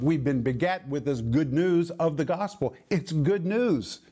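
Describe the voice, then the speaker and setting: Man, preacher, sermon, emphatic, repeats phrases, higher voice. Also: measured pace, hardly any pauses, warm tone, breathy edge. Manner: emphatic, repeats key phrases, shifts pace for stress. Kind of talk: sermon teaching.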